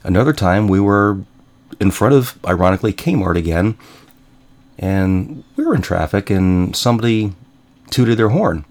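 On the low side and a little mellow, the man's animated voice moves at normal speed as he hosts his own show. He shares wry stories about his family in an offhand monologue, chuckling at times and putting himself down with humor.

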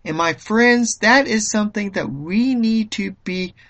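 A political commentator delivering a monologue, reading from an article and commenting on it in a halting way with frequent fillers and restarts. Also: mid-range voice, fairly bright tone. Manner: slow and halting, with many "um"s and restarts.

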